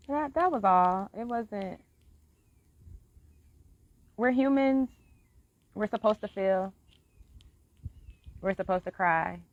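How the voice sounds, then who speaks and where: A woman talking frankly and earnestly in a live-stream monologue, swearing freely as she urges listeners. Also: on the low side. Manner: earnest, heartfelt encouragement. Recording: dull lo-fi, dry sound.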